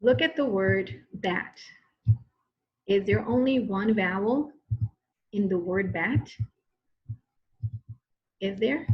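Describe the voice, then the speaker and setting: A woman's voice: mid-range voice, takes it slowly, pauses often, muffled recording. A woman teacher giving a recorded grammar lesson, patient and repetitive, often checking in with "okay?".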